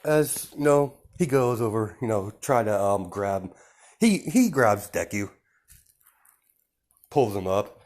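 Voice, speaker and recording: Casual male storyteller, lowish voice, loose and rambling, lots of fillers. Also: very animated, takes it slowly, pauses often, a little mellow. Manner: rambling, many fillers and restarts, laughs often. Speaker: fan storyteller.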